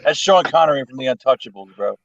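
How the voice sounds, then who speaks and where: A man's voice: medium pitch, animated, fast, lo-fi sound, slight background noise. A man in casual chat, joking crudely and repeating himself.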